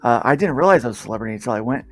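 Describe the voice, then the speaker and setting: With soft music in the background, a man hosting a casual podcast panel tells a long, rambling story, restarting often and getting animated. His voice is medium-pitched and rapid-fire.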